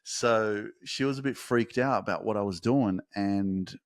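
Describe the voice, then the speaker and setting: A man hosting a motivational podcast, talking fervently and emphatically, swearing for emphasis and building to fast, intense peaks. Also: fairly low pitch, no room sound, studio quality. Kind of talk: motivational monologue.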